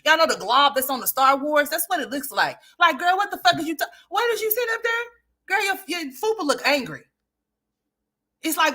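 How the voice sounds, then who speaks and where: A woman hosting a gossip livestream, her bright, sharp voice leaping up and down as she trash-talks. She swears freely, laughs often and addresses her viewers directly, in a highish register. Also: animated, normal speed. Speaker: livestream host.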